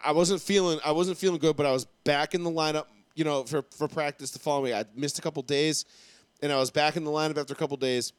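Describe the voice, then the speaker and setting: Young male co-host, raised pitch, crude and lively, dry close sound. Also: smooth, dry recording. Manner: profane, animated storytelling. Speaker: podcast co-host. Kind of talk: casual chat.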